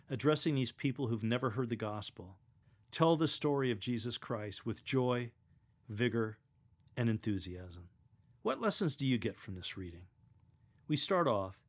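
A man coaching church lectors, explaining how to proclaim a reading and acting out its quoted lines. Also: medium pitch. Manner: earnest, instructive, acts out quoted lines.

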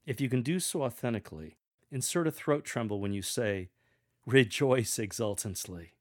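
A man giving measured, earnest instruction on how to read scripture aloud to a congregation. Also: mid-range voice, animated, darkish tone. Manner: measured, earnest, with demonstrated readings. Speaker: lector coach.

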